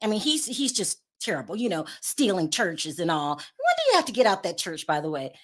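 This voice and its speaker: A woman's voice: fairly low pitch, wildly swooping pitch, brisk. A woman hosting her own channel, giving sassy, exasperated gossip commentary and often laughing in disbelief. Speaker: channel host.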